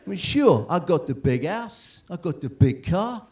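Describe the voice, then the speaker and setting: A man's voice: high voice, sing-song, measured pace, background noise, pitched above the performer's own voice. A man voicing a brash, overconfident male partygoer in a put-on Zimbabwean accent, drawling and boastful. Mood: swaggering. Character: brash, laid-back, cocaine-fuelled man.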